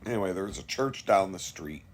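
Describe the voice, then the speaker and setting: A middle-aged man with a fairly low voice tells a long personal story off the cuff. He rambles, restarts and swears casually, in a candid vlog style. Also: animated, brisk. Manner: rambling, candid, swears freely, mimics people he quotes. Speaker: vlogger.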